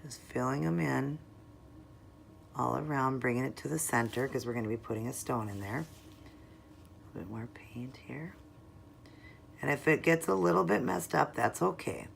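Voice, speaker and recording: A woman walking viewers through a nail art tutorial in a chatty, step-by-step way, sometimes murmuring softly while she works. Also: extremely low pitch, fairly quick, gravelly, slight background noise. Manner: chatty, explains each step, drops into soft murmurs while working.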